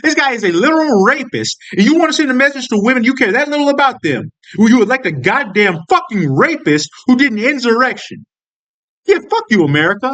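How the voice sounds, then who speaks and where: A man's voice: very high-pitched, sing-song, brisk, fairly bright tone. A man giving a heated, profane political rant as a video commentator, stumbling and restarting as he vents.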